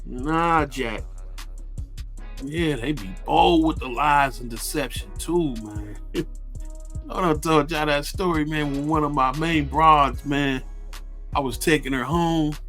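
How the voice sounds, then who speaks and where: A radio host from Ohio spins a profane street story, laid-back and boastful, stumbling over restarts as he goes. His voice sits a little high for a man, with faint music behind him. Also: slow pace, a bit bright.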